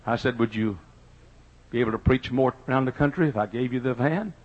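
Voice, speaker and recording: A middle-aged man, preaching a fiery revival sermon in a rising cadence that builds to shouting. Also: mid-range voice, brisk. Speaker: pastor. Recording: dull lo-fi sermon recording.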